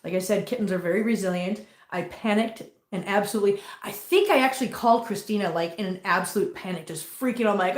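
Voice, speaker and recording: A woman hosting a casual livestream from home, chatting with viewers and cooing at her cats in a high sing-song voice. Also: expressive, brisk, echoey room. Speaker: host. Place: home room full of cats. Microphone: laptop mic.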